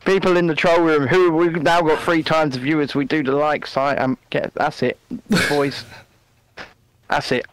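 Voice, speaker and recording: A man's voice: fairly high pitch, flat delivery, moderate pace, poor audio. A man co-hosting a casual live stream from a remote video call, chatty and jokey, with frequent restarts. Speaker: co-host.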